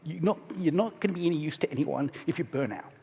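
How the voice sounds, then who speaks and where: A middle-aged man giving a casual, candid conference talk on stage, restarting his sentences and pausing to steady himself. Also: on the high side, creaky, slightly rough. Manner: casual and candid, self-interrupting, emotional at moments. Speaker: conference speaker. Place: large conference hall. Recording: hall reverb from stage.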